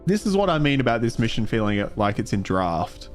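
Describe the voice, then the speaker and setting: A man's voice: medium pitch, big pitch swings, a little fast, faint music behind. Ranting, frustrated male game streamer. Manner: frustrated ranting, swears, trails off. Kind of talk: casual gameplay commentary.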